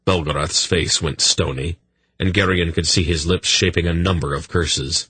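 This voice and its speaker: Low, husky male audiobook narrator. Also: fairly even intonation, moderate pace, sharp tone, no echo.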